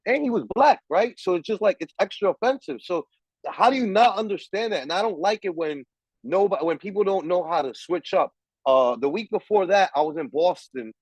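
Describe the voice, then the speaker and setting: A man's voice: on the high side, normal speed, dry recording, poor audio. A man hosting a podcast, ranting in heated, profane, emphatic casual talk. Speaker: podcast host. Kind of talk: casual chat.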